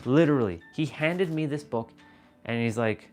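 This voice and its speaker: Casual, profane man hosting a livestream at home, medium pitch, faint music underneath. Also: moderate pace. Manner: animated, profane, confessional. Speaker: livestream host. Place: room at home.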